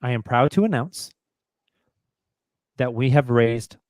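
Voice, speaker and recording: A man's voice: mid-range voice, expressive, slow pace, darkish tone, no room sound. A man hosting a sports podcast, chatting casually, joking and reading sponsor spots. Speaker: podcast host. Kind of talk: casual chat.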